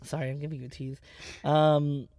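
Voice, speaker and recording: A young man in his twenties hosts a casual podcast, talking in an animated, dramatic way and swearing freely. His voice sits a little high for a man. It is recorded close and dry, with no room sound. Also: normal speed, dry recording. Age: 20s. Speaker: podcast host. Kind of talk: casual chat.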